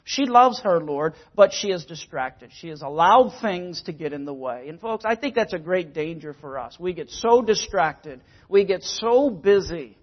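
A man's voice: high-pitched, expressive, normal speed, few pauses, dull audio. A man preaching a sermon, earnest and emphatic, sometimes repeating words as he explains scripture. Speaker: pastor.

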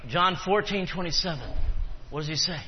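A man's voice: high voice, animated, normal speed, a little hiss or hum. A pastor preaching a sermon to his congregation, quizzing them with questions and repeating key phrases for emphasis. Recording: reverberant hall, dull lo-fi sound.

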